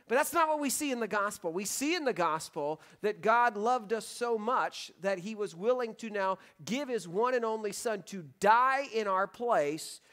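A man's voice: high voice, a bit bright. A man in his thirties, a pastor leading a church service in a sanctuary, talking casually and joking with the congregation. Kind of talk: sermon.

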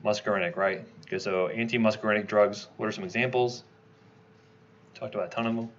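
Fast-talking man lecturing, low voice. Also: fairly even intonation, fairly bright tone, lo-fi sound, a little hiss or hum. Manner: quick, conversational, asks the class questions. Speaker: toxicology lecturer. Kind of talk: classroom lecture.

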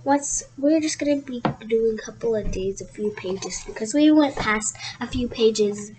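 A woman reading a picture book aloud to children, expressive and slow, with chatty asides to her listeners. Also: on the high side, a little hiss or hum, rough recording. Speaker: read-aloud channel host.

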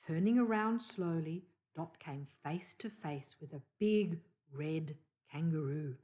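An older woman reading a picture book aloud, slowly, pausing to point out the pictures. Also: on the low side. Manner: slow, pauses to point out pictures. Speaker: storyteller.

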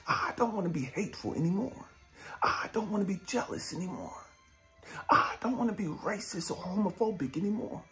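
Blunt, swearing man with a lively voice. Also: fairly quick, soft background music. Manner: blunt, heavy swearing, drill-instructor intensity; swings between loud urging and low muttering. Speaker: motivational speaker and life coach. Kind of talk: profane motivational monologue.

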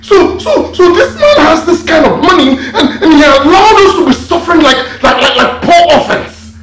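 A greedy young Nigerian woman in a film drama, talking slowly and swinging from hushed murmurs to loud dramatic cries. Her voice rings in an echoey room, with music loud behind her. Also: on the low side, wildly swooping pitch. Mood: ecstatic. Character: greedy young woman who finds her father's hidden money.

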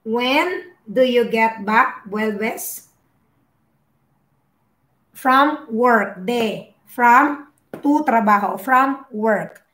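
A woman's voice: a little high, very slow, long pauses, a bit bright, roomy sound, rough recording. A young woman, teaching a live-streamed language lesson and patiently repeating and explaining each word. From Philippines. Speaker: language tutor.

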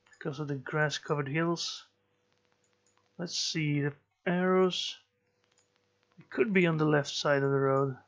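A man giving slow let's play commentary, musing and thinking aloud as he plays. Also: on the high side, muffled recording. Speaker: gameplay commentator.

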